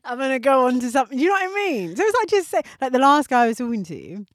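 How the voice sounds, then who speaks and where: A woman's voice: high voice, big pitch swings, fast talker. A woman co-hosting a podcast in casual chat, telling stories animatedly and laughing often. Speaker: podcast co-host.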